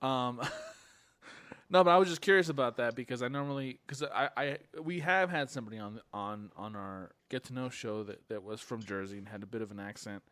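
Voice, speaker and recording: A man's voice: mid-range voice, normal speed, a bit bright, no echo. A man from California co-hosting a podcast, joking and rambling in casual chat and laughing often. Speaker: podcast co-host.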